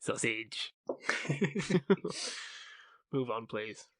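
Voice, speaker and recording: A man's voice: medium pitch, a little fast, a bit bright, dry recording. A man co-hosting a podcast, giving dry, blunt opinions in casual chat. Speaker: podcast co-host.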